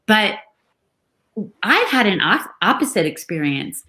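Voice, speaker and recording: A woman co-hosting a casual video chat, telling a story in an animated way. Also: medium pitch, measured pace. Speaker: co-host.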